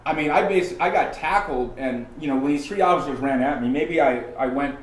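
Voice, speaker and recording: A man from California, a podcast guest, telling a story in a casual, animated way, often restarting and acting out the people he quotes. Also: fairly high pitch, a little fast, slight background noise. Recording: roomy sound from a distant mic, faint ambience.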